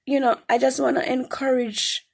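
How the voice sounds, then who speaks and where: A woman's voice: sits high, flat delivery, normal speed, creaky, husky. A woman giving an earnest spoken Christian testimony, repeating phrases for emphasis. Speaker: testimony speaker.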